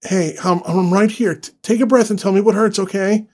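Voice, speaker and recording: A man's voice: sits high, lively intonation, drawn-out words, fairly bright tone, breathy edge, voice pushed up, exaggerated voice. A man as a frantic, stammering husband. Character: desperate husband trying to save his wife.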